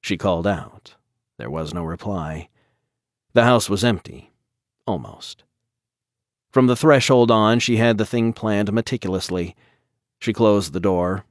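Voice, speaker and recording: A man with a very low, deep voice narrates a dark tale in a measured, deliberate way. The recording is dry and close, with no room sound. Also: dry recording. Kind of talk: audiobook narration.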